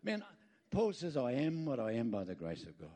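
A man's voice: medium pitch, normal speed. A middle-aged Australian man preaching a sermon, telling stories with jokes and asides to the congregation. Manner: lively storytelling with jokes and asides. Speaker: pastor.

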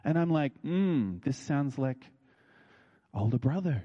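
A man preaching a sermon, telling stories and acting out what people said, with his voice leaping high when excited. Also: slow pace, muffled recording. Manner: animated, leaps high when excited, acts out quotes. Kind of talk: sermon with storytelling.

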